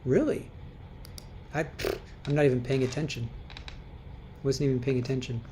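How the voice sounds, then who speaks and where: A woman's voice: extremely low pitch, steady tone, normal speed, dark tone, slight background noise. A woman hosting a casual livestream, chatting as she reads viewer comments aloud, often repeating and restarting her words. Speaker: livestream host.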